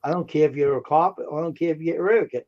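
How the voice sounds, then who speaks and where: The audio is dull, and the man speaks quickly in a voice on the high side. He co-hosts a livestream, casually telling fired-up, indignant stories about run-ins with people.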